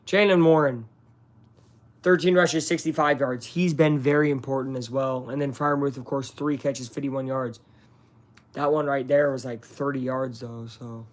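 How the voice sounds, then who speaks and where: A man hosting a live stream, giving chatty play-by-play commentary and reacting excitedly to the action while talking to his viewers. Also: mid-range voice, moderate pace. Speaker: streamer hosting a live game watch-along.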